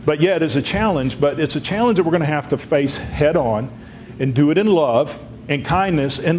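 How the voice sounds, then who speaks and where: A man's voice: a little high, expressive, moderate pace, a little mellow, slight background noise. Man giving a folksy political speech. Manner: folksy storytelling with many restarts. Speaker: congressman speaking at a luncheon.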